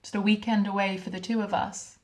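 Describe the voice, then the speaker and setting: Young wife sending a message home, actress playing her, soft and halting, quiet drops, medium pitch. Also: flat delivery, close to an everyday voice, low-quality recording. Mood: shaken. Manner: soft, hesitant, halting delivery with quiet dips. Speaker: actor in a short film. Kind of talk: dramatic monologue as a video message.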